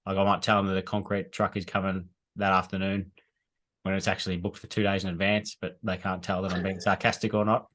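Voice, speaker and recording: Low-voiced Australian man, hesitant. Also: brisk. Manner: even, hesitant, many fillers. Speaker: guest, landscaper. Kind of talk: casual podcast chat.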